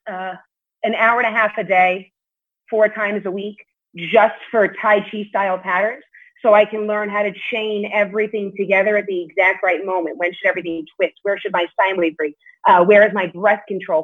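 With a husky, mid-range voice, a woman who competes in martial arts chats candidly as a podcast guest, swearing every so often during the casual interview. The audio comes through a tinny, phone-like line.

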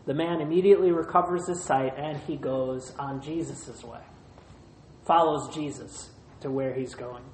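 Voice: medium pitch, a little mellow, a little hiss or hum. Preacher in a roomy echo. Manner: measured preaching in short phrases, retelling scripture. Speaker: pastor. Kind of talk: sermon.

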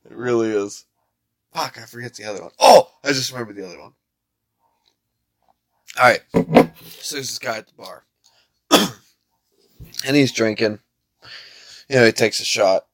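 A man's voice: medium pitch, a little slow, creaky, pauses often, fairly bright tone. A man in casual chat telling jokes animatedly, with swearing and laughter.

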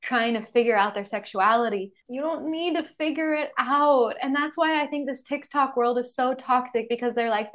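A woman's voice: fairly high pitch, fairly even intonation, normal speed, hardly any pauses, a bit bright. A young adult woman hosting a podcast, telling stories candidly and animatedly in casual conversation, swearing freely. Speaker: podcast host.

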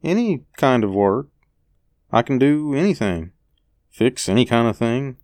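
A man's voice: medium pitch, very animated, unhurried, darkish tone, no echo, clean studio sound. A man voicing a timid young repairman who murmurs hesitantly and uneasily. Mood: uncertain.

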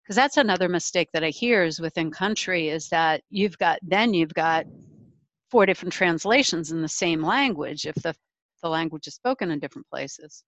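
A woman's voice: lowish voice, animated, normal speed, fairly bright tone, no echo, muffled recording. A woman hosting a podcast, chatting casually and laughing easily with her guest. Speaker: podcast host. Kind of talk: casual interview chat.

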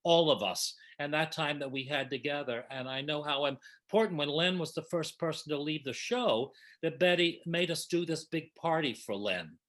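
An older man recounts old memories in an effusive, emotional way. His voice sits a touch high and rings bright and forceful. It is an easygoing chat. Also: normal speed, few pauses. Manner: warm, emotional, effusive reminiscing. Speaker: panel guest reminiscing. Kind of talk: casual storytelling.

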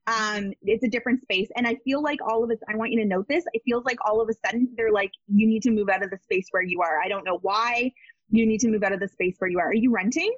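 A woman's voice: medium pitch, fast talker, no room sound, highs cut off. A woman giving a casual psychic reading as a guest, emphatic and repetitive, with many fillers, over a video call.

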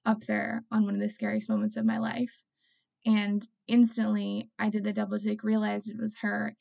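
A woman's voice: a little high, gravelly, dark tone. A young woman hosting a show, telling a personal story in a chatty way, with many asides and small laughs. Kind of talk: casual storytelling monologue.

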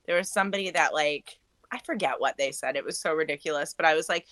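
A woman's voice: sits low, fast talker, a bit bright, no room sound. A woman on a podcast as a guest, speaking bluntly and self-assuredly in casual chat. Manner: blunt, self-assured, dismissive of online haters. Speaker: podcast guest, former reality show cast member.

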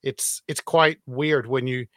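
Measured man with a dry voice. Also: mid-range voice, fairly even intonation, a bit bright, no room sound. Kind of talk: casual conversation.

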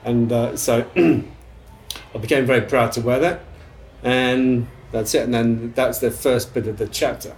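Rambling middle-aged English chef. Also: male voice, medium pitch, steady tone, measured pace. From England. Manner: rambling, frequent restarts and throat clearing, swears casually. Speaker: chef guest. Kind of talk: casual storytelling interview.

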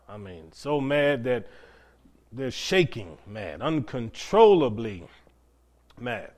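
A man's voice: mid-range voice, sing-song, slow, pauses often. A man preaching a sermon as pastor, asking rhetorical questions and stretching out key phrases for emphasis.

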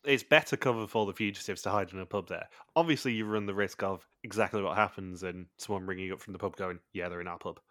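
A man's voice: deep voice, fast talker, hardly any pauses, fairly bright tone, no room sound, studio quality. A man hosting a podcast, chatting casually and recapping the plot of a TV show in long runs. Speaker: podcast host.

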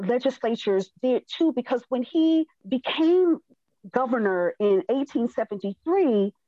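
Here a woman with a voice on the high side muses thoughtfully about a historical figure in casual history talk. She uses many fillers and restarts, and the recording sounds dry, dull and lo-fi.

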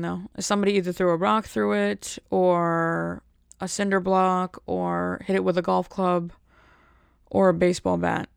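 Woman rambling jokey vlog chat, gravelly edge, dry close sound. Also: medium pitch, no room sound. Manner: rambling, jokey, self-mocking. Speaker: vlogger. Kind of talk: casual chat to camera.

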